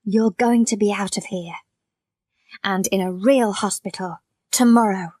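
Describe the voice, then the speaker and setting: A woman voicing a calm, kind visitor in a storybook reading, speaking in a reassuring manner. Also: medium pitch, a little slow, dry recording, close to an everyday voice.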